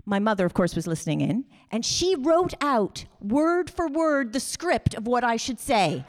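A middle-aged woman, telling a personal story on stage, animated and acting out voices, restarting sentences as she goes. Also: on the high side, normal speed, few pauses.

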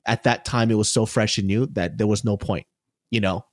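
A man's voice: on the low side, brisk, no echo, studio quality. A man hosting a podcast, talking bluntly and casually with lots of swearing. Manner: blunt, profane and animated. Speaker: podcast host.

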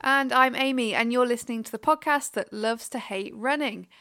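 A woman co-hosting a podcast, ranting in animated, exasperated bursts in casual chat. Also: on the high side, normal speed, no room sound, studio quality. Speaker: podcast co-host.

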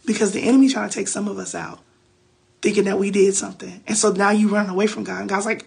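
A woman's voice: mid-range voice, fast talker, vocal fry, a little mellow, breathy edge. A woman hosting a faith podcast, giving casual Bible teaching on a phone livestream in a chatty, preachy way with loose slang.

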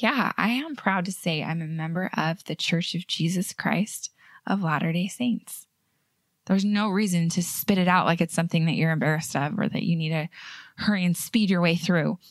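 A woman's voice: on the low side, no echo. A woman hosting a faith podcast, talking in an earnest, chatty way with light laughs. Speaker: podcast host. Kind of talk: casual faith podcast chat.

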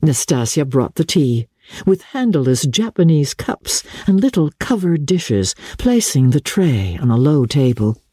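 A woman gives a theatrical dramatic reading of a classic novel, her pitch moving freely through each sentence. Her tone is mellow and a little husky, and the close studio sound is dry, with no room in it. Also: unhurried, dry recording. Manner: expressive and theatrical. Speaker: narrator.

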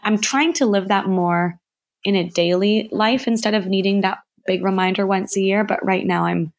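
A woman's voice: medium pitch, moderate pace. A woman speaking as a podcast guest, thoughtful and candid in a reflective conversation.

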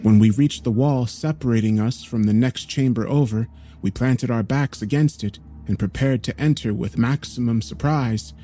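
A man narrating a horror story in a measured, grave storytelling manner. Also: medium pitch, dark tone.

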